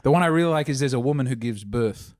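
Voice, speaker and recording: A man with a mid-range voice co-hosts a comedy podcast, laying out absurd jokes deadpan. The recording is dry and close. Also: quick pace, dry recording. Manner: deadpan, joke-pitching. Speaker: podcast co-host. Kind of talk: casual podcast banter.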